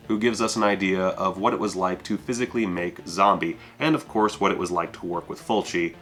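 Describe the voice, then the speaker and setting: A man with a very low, deep voice talking casually through a disc review. He is offhand and self-deprecating and swears now and then. Faint music runs quietly behind him. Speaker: home video reviewer.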